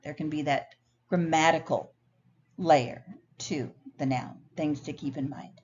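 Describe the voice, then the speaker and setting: Woman instructor, patient explainer, slide-lecture recording; a bit low, muffled mic. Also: slightly rough. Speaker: ESL instructor. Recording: dull lo-fi sound, faint noise.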